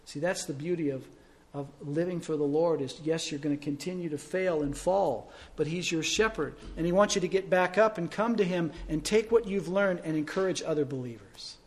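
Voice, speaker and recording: A middle-aged man preaches as pastor, earnest throughout, sinking to soft, low tones and then rising to loud emphasis. His voice sits somewhat high for a man. He moves from sermon into a closing prayer in the same steady, pleading way. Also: normal speed.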